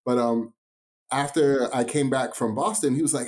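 A man's voice: mid-range voice, fairly even intonation, moderate pace, a little mellow. A man from New York, a drumline instructor, telling his story as a guest in a casual podcast interview with enthusiastic emphasis.

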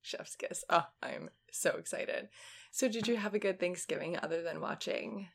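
A young woman co-hosting a casual chat podcast, excitable and gushing, often giggling. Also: on the low side, normal speed, vocal fry. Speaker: podcast co-host.

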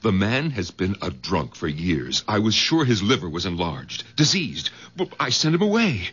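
An actor playing a middle-aged doctor who stammers and swings into ecstatic outbursts, in a 1970s radio drama. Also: male voice, deep voice, huge pitch swings, normal speed, fairly bright tone, husky, exaggerated voice. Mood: excited, pleading. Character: middle-aged male doctor, excitable and volatile. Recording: dull lo-fi 1970s radio recording.

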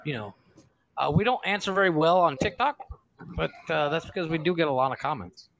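Male co-host, slightly high pitch, quick asides, easy laugh. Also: creaky, fairly bright tone. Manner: laughs often, chimes in with short remarks. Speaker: podcast co-host. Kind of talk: casual podcast chat.

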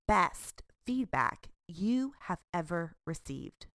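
A woman hosting a podcast in casual chat, telling stories in lively, quick bursts. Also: on the low side, dry recording, clean studio sound. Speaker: podcast host.

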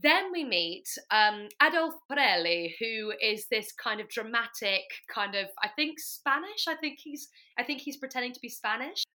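Woman podcast host, bright forceful tone, loose chatty recap full of ums, slips into quick character voices. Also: on the high side, animated. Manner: chatty, filler-heavy, acts out quotes of the characters. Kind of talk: casual plot recap.

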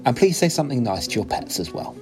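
A man hosting a comedy news podcast, reading scripted headlines with deadpan punchlines. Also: mid-range voice, fast talker, over music.

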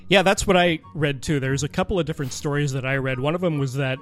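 A man hosting a podcast in casual chat, steering the topic and joking in a relaxed way. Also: fairly high pitch, fast talker, faint music behind. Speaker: podcast host.

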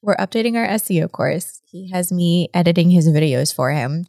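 Chatty laughing woman on a podcast, bit of vocal fry. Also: on the low side, lively intonation, moderate pace, dark tone, dry recording, studio quality. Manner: giggly, chatty. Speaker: podcast co-host. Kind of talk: casual podcast chat.

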